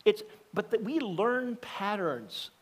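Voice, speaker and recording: A middle-aged man preaching in a loose, conversational way, slipping into quick voices for the people in his stories. His voice sits a little above the usual male pitch. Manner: conversational and animated, acting out quoted voices. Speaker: pastor. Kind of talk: sermon. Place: church sanctuary.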